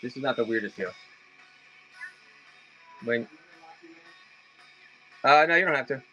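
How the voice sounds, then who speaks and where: A man's voice: mid-range voice, expressive, a little slow, sharp tone, highs cut off, soft background music. A man chatting casually with viewers during a live auction stream, rambling and addressing them by name.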